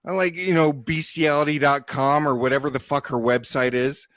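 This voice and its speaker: A man rants angrily on a livestream panel, swearing and jeering as he goes. His voice sits a bit high and comes through dry and muffled. The audio has the dull, lo-fi sound of an online call. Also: fairly even intonation, moderate pace, a bit bright, no room sound. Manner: angry, profane, jeering rant. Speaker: panel guest. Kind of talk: heated livestream panel rant.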